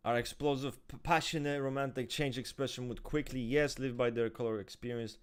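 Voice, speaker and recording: A man's voice: medium pitch, steady tone, fairly quick, smooth. A man in casual chat about his own personality, emphatic and profane, often restarting his sentences.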